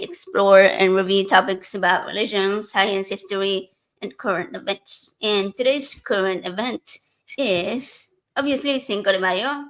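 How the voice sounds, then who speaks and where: Casting: chatty, giggly woman host, mid-pitched voice, relaxed podcast banter. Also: rough recording. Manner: giggly, chatty, restarts often. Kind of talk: casual chat.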